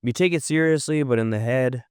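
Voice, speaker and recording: Blunt, profane man with a smooth voice. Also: mid-range voice, fairly quick, a little mellow, dry recording, studio quality. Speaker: podcast co-host. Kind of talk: casual podcast chat.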